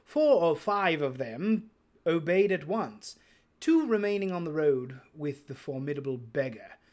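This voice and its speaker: A man reads a classic adventure novel aloud in a theatrical way. His voice sits slightly high and swings widely as he takes his time over every line. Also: very animated, a little mellow. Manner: theatrical, unhurried storytelling. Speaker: reader.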